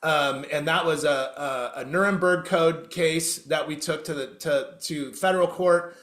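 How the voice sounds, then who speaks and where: Appearing as a podcast guest, a middle-aged man from Oregon tells his story candidly and emotionally, swearing freely and often restarting sentences. His voice is on the high side, a bit bright, unhurried and fairly even in intonation, recorded with a roomy echo.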